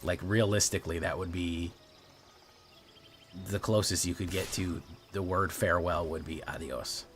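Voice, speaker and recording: A man's voice: low-pitched, steady tone, moderate pace, a bit bright, soft background music. A Latino man streaming a card game, chatting casually and switching between English and Spanish. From Latino family. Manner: loose and profane, with frequent "um" and "like".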